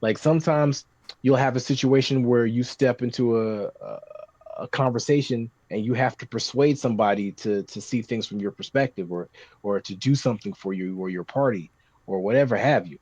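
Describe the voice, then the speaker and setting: A man chatting casually on a podcast, rambling with many restarts and getting animated when describing scenes. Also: mid-range voice, normal speed, no echo. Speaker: podcast guest talking tabletop games. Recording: dry, slightly muffled podcast recording.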